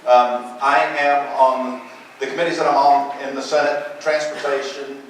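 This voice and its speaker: A man addressing a forum audience as a politician, in a quick, joking, conversational way. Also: medium pitch, level tone, a little hiss or hum. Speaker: state senator speaking at a forum. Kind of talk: campaign speech. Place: large echoey hall. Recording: echoey hall from far off.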